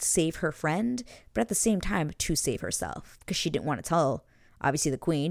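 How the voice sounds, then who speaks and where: A woman with a low, deep-set voice chats eagerly about a TV episode she loved. She gushes freely and leans on fillers. The sound is close and dry, with no room around it. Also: darkish tone, no room sound. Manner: chatty, gushing, frequent fillers. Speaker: TV episode recap vlogger. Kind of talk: casual chat.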